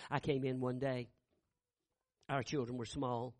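A middle-aged man preaching a sermon, telling a family story and building to loud shouted peaks. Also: mid-range voice, level tone, unhurried, long pauses, dry recording, studio quality. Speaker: pastor.

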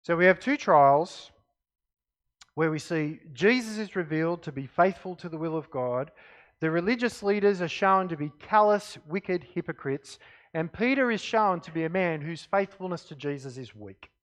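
A man preaching a sermon, reading scripture aloud and explaining it with expressive emphasis that drops to quiet asides. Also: fairly high pitch, moderate pace.

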